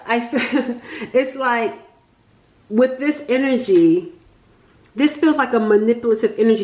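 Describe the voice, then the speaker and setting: Woman, tarot reader, chatty, excitable, high-ish voice, echoey room. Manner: chatty, excitable, thinks aloud, often laughs. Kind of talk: casual tarot reading.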